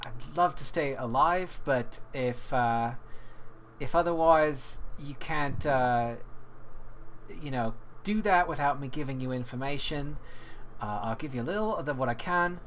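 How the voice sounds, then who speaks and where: Wounded pirate first mate woman, halting and pained, voiced by a male game master. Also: medium pitch, fairly bright tone, slight background noise, natural voice. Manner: halting, pained, full of fillers.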